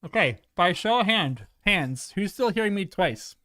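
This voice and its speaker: A man's voice: high voice, expressive, measured pace, sharp tone, dry recording, studio quality. Chatty man hosting a casual livestream. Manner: rambling, chatty and apologetic. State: chewing food at times. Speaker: livestream host. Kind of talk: casual chat with live viewers.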